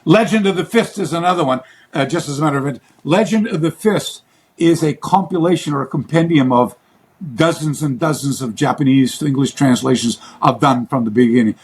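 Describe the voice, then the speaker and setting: A man speaking as an interview guest in a casual chat, rambling and halting, with many fillers and restarts. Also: fairly high pitch, darkish tone, slightly rough, low-quality recording.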